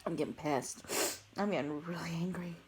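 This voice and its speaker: A woman's voice: on the low side, normal speed, background noise. Tipsy, cursing woman vlogger. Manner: swearing, frustrated and glum. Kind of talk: casual eating vlog.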